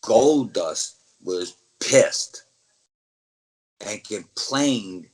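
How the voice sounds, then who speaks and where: Animated man telling wrestling-style tales. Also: on the low side, extremely slow, breathy edge, poor audio. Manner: animated storyteller who acts out other people's lines; swears casually. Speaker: interview guest, former wrestler. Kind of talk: casual storytelling interview.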